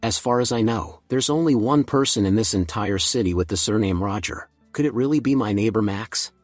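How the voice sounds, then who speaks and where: A man's voice: fairly low pitch, fairly quick, no echo, soft background music, close to an everyday voice. A man voicing an earnest young woman reporter who protests, in a comic recap.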